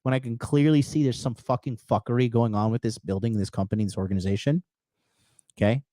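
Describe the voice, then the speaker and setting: A man's voice: lowish voice, warm tone, dry recording, studio quality. A man hosting a call-in show, delivering a blunt, profane, heated rant. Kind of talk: casual ranting monologue.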